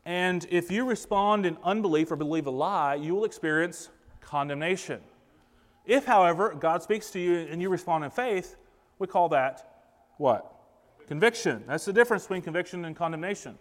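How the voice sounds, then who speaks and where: A man preaching a sermon, speaking emphatically and posing rhetorical questions to the congregation. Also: fairly high pitch. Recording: long reverb of a large hall.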